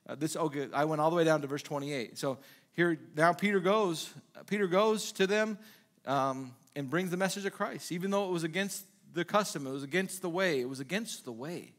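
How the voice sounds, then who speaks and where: A man with a fairly high-pitched voice delivers a sermon from the pulpit. He preaches in a loose, conversational way, throwing rhetorical questions at the congregation and acting out small quoted exchanges. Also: a little fast. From Minnesota. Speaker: pastor.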